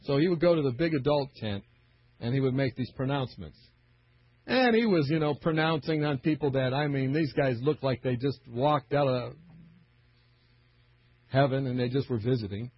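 A man's voice: mid-range voice, moderate pace, husky, dry recording. A middle-aged man preaching a storytelling sermon, acting out the voices of the people in his stories. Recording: dull lo-fi recording.

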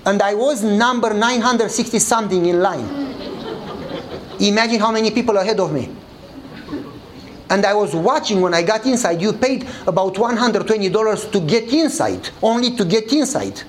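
A man's voice: moderate pace, a little hiss or hum, rough recording. Man telling a story in English. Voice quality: non-native English grammar. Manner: animated storyteller, acting out dialogue with changing pitch. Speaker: pastor. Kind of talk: sermon storytelling.

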